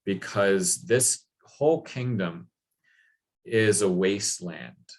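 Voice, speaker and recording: An angry, wronged noblewoman lays into a young knight, as a man quotes her in his own low voice. The delivery is offhand and conversational rather than acted. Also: takes it slowly, exaggerated voice. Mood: scolding. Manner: casual paraphrased quoting.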